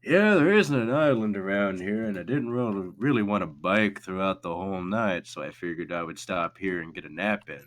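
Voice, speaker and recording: A man's voice: low-pitched, expressive, normal speed, few pauses, fairly bright tone. A man voicing a sleepy, easygoing male naval officer in a tabletop game, with a laid-back drawl. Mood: relaxed.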